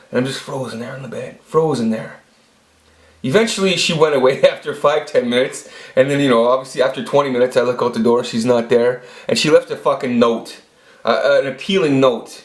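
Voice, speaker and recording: A man's voice: medium pitch, a little fast. Rambling, profane man in an echoey room. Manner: rambling and profane, with many restarts. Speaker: channel host. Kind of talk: casual storytelling monologue.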